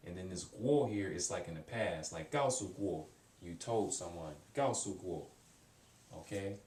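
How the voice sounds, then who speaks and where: A man with a lowish voice talks through a casual language lesson, stumbling and repeating himself with lots of fillers. He sounds set back from the mic, and the room around him is echoey, with a faint hiss underneath. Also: expressive, darkish tone, far from the mic. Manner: halting, repeats words, many fillers. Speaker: language teacher.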